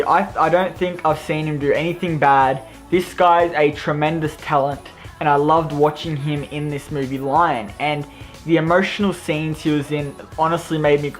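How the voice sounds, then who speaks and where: A young Australian man giving an enthusiastic, rambling movie review in a casual vlog, with faint music behind him. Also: a little high. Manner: enthusiastic, rambling, self-deprecating.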